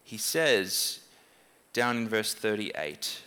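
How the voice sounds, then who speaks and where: A man preaching a sermon in a conversational, animated way, jumping up in pitch when he voices questions. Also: drawn-out words, clean tone. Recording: long hall reverb.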